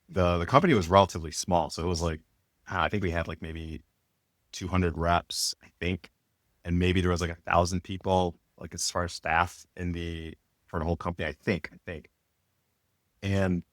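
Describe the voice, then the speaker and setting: A man's voice: sits low, no room sound, studio quality. A middle-aged man and company founder, telling his career story in a casual interview with loose, rambling talk full of fillers and restarts. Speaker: podcast guest, apparel company founder.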